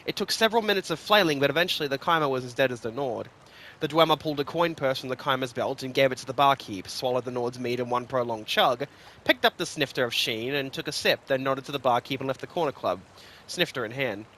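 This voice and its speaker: Bright-voiced man reading fantasy lore. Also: medium pitch, fast talker, a little hiss or hum. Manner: expressive, rhythmic storytelling. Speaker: lore reader. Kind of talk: scripted fantasy story reading.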